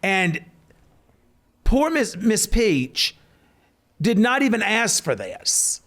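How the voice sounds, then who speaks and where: A man's voice: high-pitched, very slow. A man, co-hosting a casual podcast and telling stories animatedly. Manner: animated, rises to hollering when telling stories. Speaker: podcast co-host. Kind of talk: casual storytelling chat.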